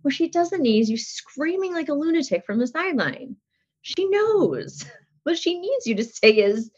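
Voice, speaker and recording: A woman's voice: high voice, very animated, moderate pace. A middle-aged woman in casual podcast chat, talking about her kids with many fillers and frequent laughs. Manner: chatty, laughs often, lots of fillers. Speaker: guest. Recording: dull lo-fi audio.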